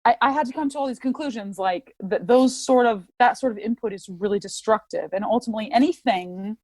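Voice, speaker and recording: A woman's voice: on the high side, a little fast, a little mellow, dry recording. A woman, an opera singer, talking candidly in an interview, reflective and earnest, with many "like" fillers. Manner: reflective, earnest, heavy use of "like".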